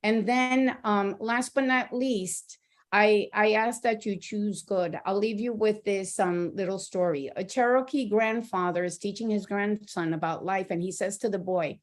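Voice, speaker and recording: An earnest woman on a panel gives advice in a heartfelt way. She leans on repeated words to drive her point home, and her voice sits at an ordinary middle pitch. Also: measured pace. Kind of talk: motivational talk with a told story.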